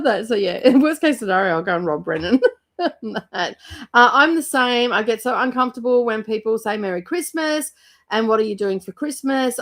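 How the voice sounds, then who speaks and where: A middle-aged woman with an Australian accent chats casually on a livestream, rambling along with plenty of fillers and restarts. She has a cold and now and then clears her throat. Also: medium pitch. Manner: rambling, chatty, with frequent fillers. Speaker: book channel host.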